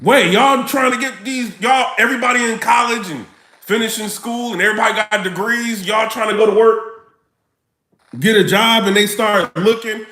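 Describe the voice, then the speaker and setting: A man ranting to his viewers in a casual, joking way, slangy and animated. His voice sits high and sounds gravelly and bright. The sound echoes around the room. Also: moderate pace. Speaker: vlogger. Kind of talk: casual rant to camera.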